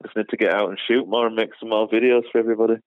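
Heard over a phone line with no echo, a British man who runs a shooting channel chats as a guest in a casual interview. His voice is lowish with fairly even intonation, and he talks at a racing pace, hesitant and full of fillers and restarts.

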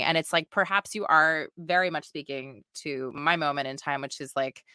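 A woman hosting a podcast who chats casually, talking quickly and rambling with lots of filler words. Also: low-pitched, pushed and bright, smooth, no echo, clean studio sound. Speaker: podcast host.

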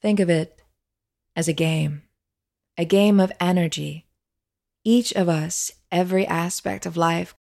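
A woman voicing a tall, calm, snake-headed male spirit who teaches in a quiet, measured way. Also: lowish voice, creaky.

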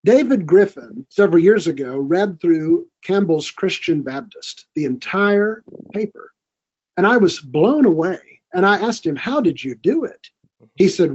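A man's voice: fairly high pitch, animated, unhurried, darkish tone, slightly rough, dull audio. A man speaking as a guest in a studio conversation, earnest and encouraging. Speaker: podcast guest. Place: recording studio.

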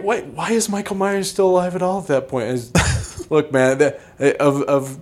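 A man's voice: a little high, moderate pace. A man co-hosting a podcast in casual chat, telling stories and acting out the people in them. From Utah. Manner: animated storyteller, acts out quotes. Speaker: podcast co-host.

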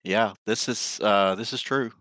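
A male guest author chats in a relaxed, good-humored way. His voice is fairly low but bright and forceful. The recording is dry. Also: measured pace, dry recording. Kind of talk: casual interview chat.

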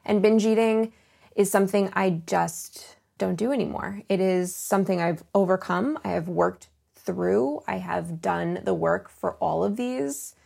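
Woman podcast host in her 30s, mid-pitched with a gravelly fry, earnest and confessional. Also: a little slow, a little mellow. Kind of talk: solo podcast monologue.

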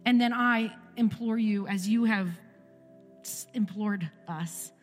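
A woman's voice: medium pitch, slow, in a large hall, soft background music. A woman in her forties giving an impassioned church testimony, firing off repeated rhetorical questions. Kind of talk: sermon testimony.

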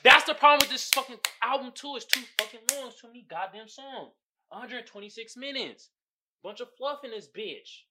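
A man's voice: very high-pitched, lively intonation, fairly quick, heavy background noise. A man hosting a podcast, giving a casual, profane album review and laughing often. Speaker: podcast host.

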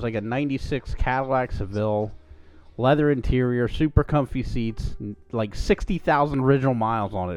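A man's voice: mid-range voice, darkish tone, lo-fi sound. A man co-hosting a podcast, telling a long profane story in casual chat and putting on quoted voices. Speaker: podcast co-host.

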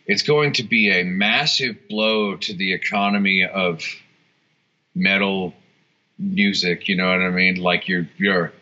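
A man's voice: low voice, steady tone, unhurried, sharp tone. A man in a casual interview, rambling with lots of restarts, fillers and swearing. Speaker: guitarist and songwriter, interview guest. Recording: dull lo-fi sound.

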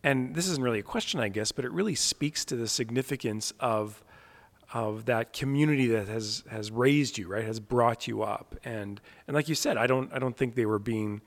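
Gravelly interviewer in a reverberant hall. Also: male voice, mid-range voice. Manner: reflective, halting, with many restarts. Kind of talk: conversational interview.

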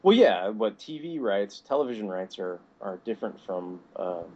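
A man's voice: lowish voice, big pitch swings, moderate pace, dark tone, slightly rough, dull audio. A man on a casual podcast, rambling and hunting for words as he talks. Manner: rambling, searches for words, laughs. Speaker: podcast co-host.

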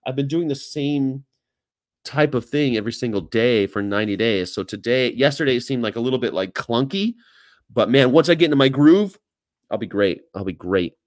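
American man, casual livestream host, rambling, jokey, mid-pitched voice. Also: fairly quick. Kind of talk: casual livestream chat, reading viewer comments.

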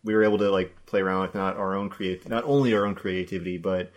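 A man's voice: deep voice, steady tone, fast talker. A man co-hosting a gaming podcast, talking in a rambling, hesitant way with many fillers. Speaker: podcast co-host. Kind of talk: casual gaming podcast chat.

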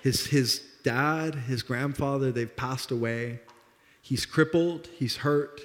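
Pastor with a slight lisp in a hall. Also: male voice, mid-range voice, slow pace. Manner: animated, laughs at himself, acts out dialogue. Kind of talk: sermon. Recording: long hall reverb.

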